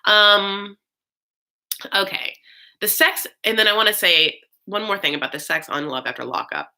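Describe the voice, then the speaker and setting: A woman hosting a casual chat, talking loosely with many fillers and swinging between high and low. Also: moderate pace, pushed and bright. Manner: chatty, swoops high and low, frequent fillers; campy, calls listeners honey. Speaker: host.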